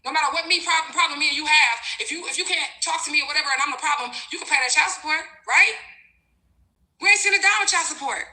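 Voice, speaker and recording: A woman's voice: high-pitched, fast, bright, forceful tone, reverberant, low-quality recording. A woman vlogger in a ranting storytime, reading out messages and swearing freely as she talks straight to her viewers.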